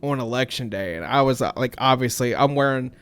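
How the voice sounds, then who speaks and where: A young man co-hosting a podcast, telling a story in a casual, profane, animated way. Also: medium pitch, brisk, clean tone. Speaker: podcast co-host.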